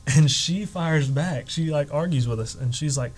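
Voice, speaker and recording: A man telling a personal story as a guest on a podcast, animated, acting out the quotes with emotion. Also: medium pitch, normal speed, hardly any pauses, rough recording.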